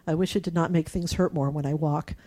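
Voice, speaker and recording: She's a middle-aged woman recounting her experience with cancer frankly, reading out her emails along the way with fillers and soft laughs. Her low voice is steady, mellow, and brisk.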